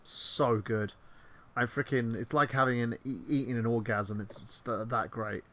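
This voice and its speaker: A man co-hosting a casual online chat show, rambling excitedly and swearing freely. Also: medium pitch, moderate pace, slight background noise. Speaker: podcast co-host.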